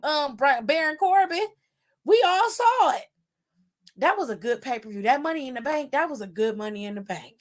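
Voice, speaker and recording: A young adult woman hosting a wrestling aftershow, talking straight to her viewers in animated, casual commentary with some swearing. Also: fairly high pitch. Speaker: wrestling show host.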